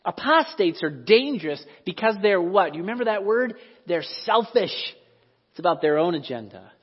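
A man's voice: high-pitched, very animated, moderate pace, slightly rough. A man preaching a sermon as pastor, talking in a conversational, storytelling way. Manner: conversational storytelling, acts out quoted voices. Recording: echoey hall, dull lo-fi sound.

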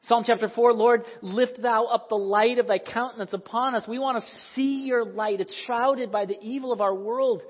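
A man's voice: very high voice, steady tone, moderate pace, few pauses, breathy edge. A man preaching a sermon as pastor, talking conversationally and asking the congregation questions. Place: church sanctuary. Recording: echoey hall, dull sound.

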